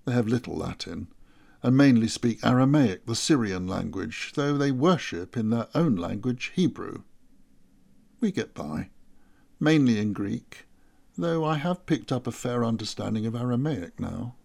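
A man narrating a first-person story in a measured, reflective way. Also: medium pitch, animated, creaky, darkish tone.

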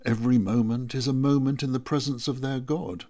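A man narrating a first-person story in a measured, reflective way. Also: mid-range voice, steady tone, warm tone.

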